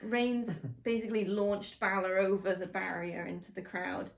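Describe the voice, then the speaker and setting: A woman's voice: medium pitch, level tone, normal speed, gravelly. Giggly woman chatting casually. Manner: giggly, laughs often. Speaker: podcast co-host. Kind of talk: casual chat reacting to wrestling.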